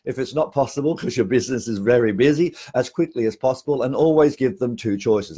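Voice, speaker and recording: Husky Australian man teaching sales calls. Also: medium pitch, fairly quick, few pauses, mellow. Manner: emphatic, repeats key phrases, frequent restarts. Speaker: sales trainer. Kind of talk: training talk on phone skills.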